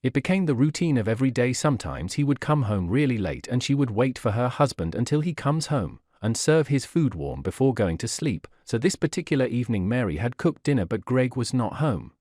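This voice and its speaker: Guy reading a drama story, lively up-and-down pitch, dry close sound. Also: fairly quick, few pauses, dry recording. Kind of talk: scripted narration.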